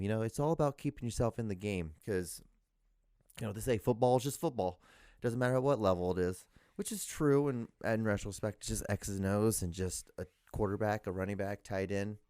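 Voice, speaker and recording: A low-voiced man hosting a solo podcast, rambling loosely from one tangent to the next. He swears freely and chuckles at his own asides, recorded close and completely dry. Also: a little mellow, no room sound. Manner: profane, digressive, laughs at himself. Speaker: podcast host. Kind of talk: casual rambling monologue.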